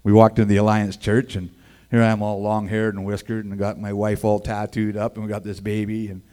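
A man's voice: fairly low pitch, brisk. Folksy man telling his testimony. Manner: animated, acts out the other people's voices in his story; casual and folksy, with 'man' and 'boy, I tell you'. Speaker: speaker giving a personal testimony.

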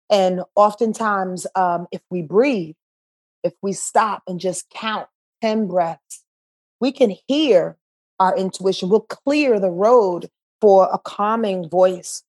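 Woman podcast guest, animated, acts out inner voices, mid pitch. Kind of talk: casual podcast conversation.

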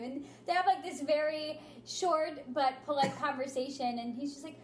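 A woman's voice: sits high, normal speed, hardly any pauses, roomy sound. A woman in casual podcast chat, talking enthusiastically and acting out lines she quotes. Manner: enthusiastic, acts out quotes in a lively voice. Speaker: podcast panelist.

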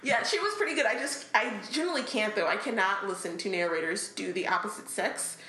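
A woman's voice: mid-range voice, a little fast, pushed and bright, echoey room. A woman co-hosting a podcast, chatting casually about a book, with frequent laughs and fillers. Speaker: podcast co-host.

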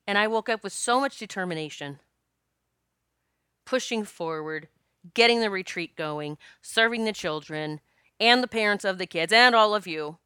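Woman, casual monologue, laughs often, smooth clear voice, dry room. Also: mid-range voice, lively intonation, normal speed, long pauses, bright, forceful tone, no room sound. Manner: candid, laughs often, swears freely.

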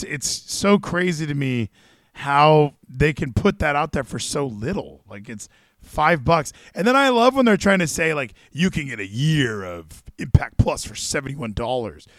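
Excitable man hosting a live wrestling stream. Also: on the high side, dry recording, studio quality. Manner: excitable, swears casually, thinks aloud. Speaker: stream host.

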